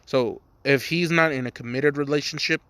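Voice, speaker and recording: A man's voice: on the high side, moderate pace, bright, forceful tone, no room sound. A young man casually improvising a crude fan story, rambling, swearing a lot and laughing at his own jokes.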